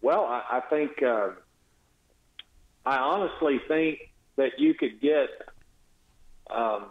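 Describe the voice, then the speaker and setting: A man's voice: medium pitch, slow. A man, a state legislator, giving a blunt, sarcastic and exasperated phone-in radio interview. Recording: tinny echoey phone line.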